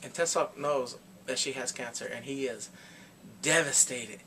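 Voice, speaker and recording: A young man casually recapping a drama in an animated, dramatic way, full of exclamations. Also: medium pitch, unhurried. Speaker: drama reviewer.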